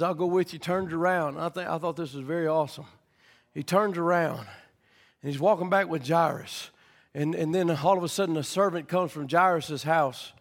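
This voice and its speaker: A man preaching a sermon, rising from quiet storytelling to fervent shouting. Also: fairly high pitch, big-room sound.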